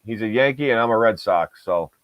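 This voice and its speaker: A man, his voice sitting on the low side. He rambles through a casual podcast chat, swearing freely and leaning on filler words. The recording is dry and somewhat dull. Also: animated, brisk, no room sound. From Southern Tier of New York. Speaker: podcast co-host.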